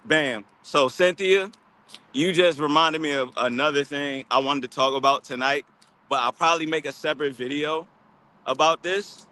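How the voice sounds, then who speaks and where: A man's voice: a little high, sharp tone. A man from Baltimore with a Baltimore accent, chatting loosely and slangily on a livestream while out walking. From Baltimore, USA. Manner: loose, rambling, slangy, with many fillers. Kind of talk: casual livestream chat. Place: outdoors, walking.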